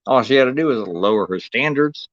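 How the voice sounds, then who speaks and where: A man's voice: mid-range voice, expressive, fairly quick, no room sound. A man ranting in heated, profane casual chat as a podcast host, often stumbling and restarting his sentences. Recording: dull, dry lo-fi recording.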